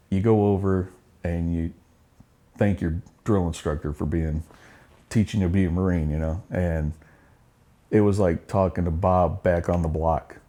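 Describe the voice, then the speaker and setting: A man's voice: low-pitched, dark tone. Profane, blunt male storyteller. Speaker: interview guest, Marine veteran. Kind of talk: casual storytelling interview.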